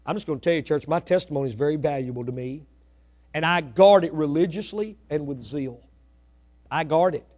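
A middle-aged man preaching a sermon in church, swinging from hushed asides to loud, rising exhortation. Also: fairly high pitch, a little fast. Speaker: pastor. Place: church sanctuary.

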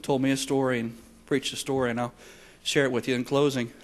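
A man preaching a sermon, swinging between shouted passages and hushed, quiet ones. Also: mid-range voice, level tone, fairly quick. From Texas.

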